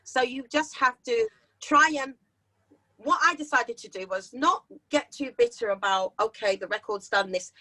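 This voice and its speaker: A middle-aged woman with a London accent, talking as a guest in a relaxed interview. Her voice sits high and sounds bright and forceful. She tells her stories with lots of life and slips into other people's voices as she goes. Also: normal speed, low-quality recording. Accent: London English. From London, England. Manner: animated storyteller who acts out quoted voices. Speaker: singer and guest. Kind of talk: casual interview chat.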